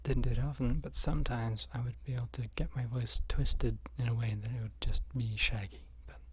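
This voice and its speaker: A man whispering casually through a live ASMR stream, chatting close to the microphone. His voice is very airy and breathy, with almost no tone behind it. He rambles with dry, self-mocking jokes. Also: medium pitch, steady tone, brisk. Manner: dry, joking, rambling asides.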